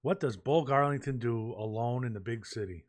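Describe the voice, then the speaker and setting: A man's voice: medium pitch, dry recording. Wry, teasing man in his fifties. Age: 50s. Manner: teasing, quick to jump in with wry asides. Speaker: podcast co-host. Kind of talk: casual chat.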